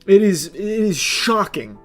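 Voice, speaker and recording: A young man with a high voice ranting animatedly on a livestream, swearing and laughing as he goes. Faint music plays behind him, and his talk swings from loud outbursts to mumbled asides. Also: takes it slowly. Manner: animated, profane, laughing often. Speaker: streamer. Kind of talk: casual livestream rant.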